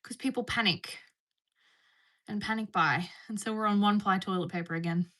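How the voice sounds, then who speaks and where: Woman, bright voice, bubbly live stream chatter, casual, indoors at home. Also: mid-range voice, normal speed. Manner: chatty, bubbly, reading and answering chat messages.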